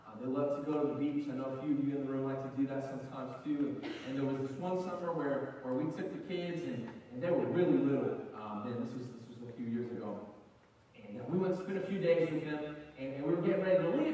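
A man's voice: on the high side, quick pace, a little hiss or hum. A man preaching a sermon to a church congregation, telling a personal story in a chatty way and acting out the voices in it. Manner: conversational, animated, acts out quoted voices. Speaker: pastor. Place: church sanctuary. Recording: roomy hall sound, mic at a distance.

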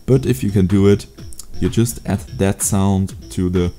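A young man teaching a beatbox sound in a casual home video tutorial, relaxed and hesitant, with many fillers. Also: sits low, unhurried, soft background music. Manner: laid-back, hesitant with fillers. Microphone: USB desk mic.

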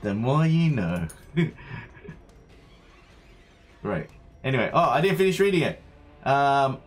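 Sing-song and slow, pausing often, a man with a medium-pitched voice narrates his live gameplay on stream. He chats to himself and his viewers as he plays, faint game music audible underneath.

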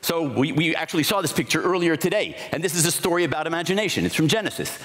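Man, conference speaker, lively rising and falling pitch, reflective explanatory delivery, echo of a large hall. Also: fast. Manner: reflective, explanatory, with occasional restarts. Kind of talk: conference talk. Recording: hall reverb.

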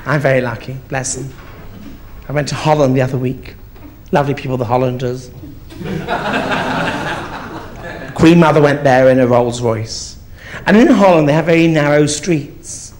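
A man's voice: medium pitch, lightly acted. A man playing a brash, gossipy old East End woman, telling rambling, bawdy stories on a theatre stage. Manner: bawdy, rambling storytelling with swearing. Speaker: comedian in drag character. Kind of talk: live stand-up character comedy.

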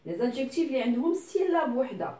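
A woman's voice: high voice, sing-song, rapid-fire, mellow. Teacher-like woman. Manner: patient, explains step by step, keeps checking "okay?"; switches into French and Arabic to explain. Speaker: English teacher. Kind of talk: classroom grammar lesson. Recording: echoey room, voice from a distance.

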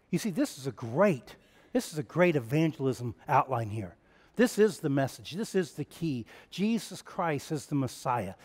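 Higher-voiced preaching man with a booming hall echo. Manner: dynamic preaching, swinging from loud emphatic runs to hushed quiet lines. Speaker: pastor. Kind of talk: sermon. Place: church sanctuary. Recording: long reverb of a church hall.

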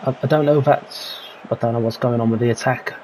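Talking fast in a medium-pitched, slightly mellow voice with fairly even intonation, a gaming commentator narrates a football management let's-play. He names players, weighs tactics aloud and mutters concerns, over poor audio with a little hiss or hum.

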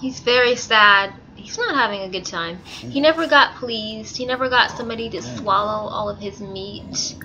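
A woman's voice: fairly high pitch, normal speed, hardly any pauses, bright, forceful tone, a little hiss or hum, low-quality recording. A young woman giving casual, giggly commentary over a life-sim game, reacting with stammers and exclamations. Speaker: gaming YouTuber.

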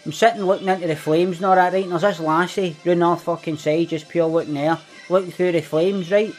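Speaking fast in a Glaswegian Scottish accent, a man plays a cocky, swearing young Glasgow ned who brags his way through a scripted comedy monologue. The tone stays steady and a little high, lightly acted, over faint background music.

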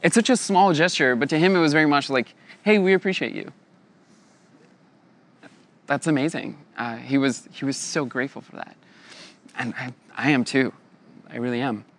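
A young man telling a personal story in a lively way, laughing often and acting out the voices of others. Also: medium pitch, normal speed, long pauses.

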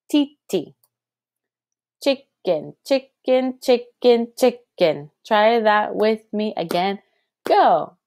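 A young woman leads a children's music lesson at a slow, patient pace. She chants animal words and rhythm syllables in a sing-song voice and keeps cheering the kids on. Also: mid-range voice, darkish tone. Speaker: elementary music teacher.

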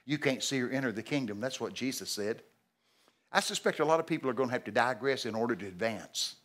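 A man in his seventies with a Texan accent, preaching a sermon in a folksy, emphatic way with sudden shouted exclamations. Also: medium pitch. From Texas.

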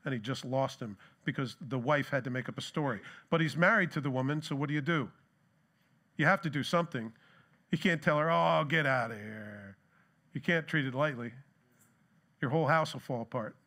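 A man's voice: mid-range voice, sharp tone. A middle-aged man giving a conversational sermon as pastor, asking the congregation rhetorical questions and telling anecdotes.

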